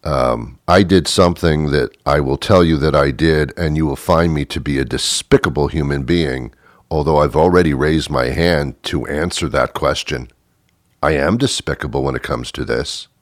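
A man's voice: very deep voice, moderate pace, no room sound, studio quality. A man telling a comic rant in an indignant, mock-pompous storytelling manner.

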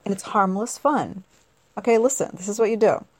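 A woman's voice: mid-range voice, expressive, fairly quick, breathy edge, no echo. A middle-aged woman from New England hosting a casual radio chat, talkative and laughing often as she acts out quoted lines. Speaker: radio host.

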